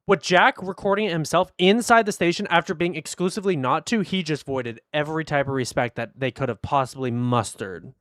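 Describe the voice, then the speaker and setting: A man's voice: a little high, no room sound, clean studio sound. A young man reacting to videos on a livestream, talking bluntly to chat with plenty of swearing. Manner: blunt, profane, talks straight to chat. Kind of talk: casual livestream commentary.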